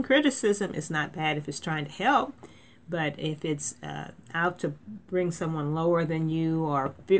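Low-voiced woman preaching a sermon. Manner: conversational preaching with restarts and sudden emphatic lifts.

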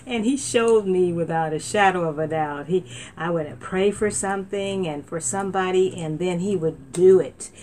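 Fervent woman preaching, low-pitched. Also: normal speed, slight background noise. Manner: fervent, animated, frequent amens. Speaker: minister. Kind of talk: preaching sermon. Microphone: laptop mic.

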